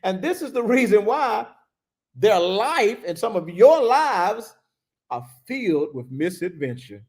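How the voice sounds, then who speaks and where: Animated preaching man with gravelly voice. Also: high-pitched, a little slow. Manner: animated preaching with laughs and repeated phrases. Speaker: bishop. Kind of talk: sermon. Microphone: livestream.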